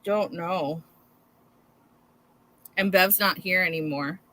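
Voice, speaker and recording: A woman's voice: lowish voice, takes it slowly, fairly bright tone. A woman who makes diamond paintings, chatting on a video call in a self-deprecating way. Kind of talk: casual video call chat.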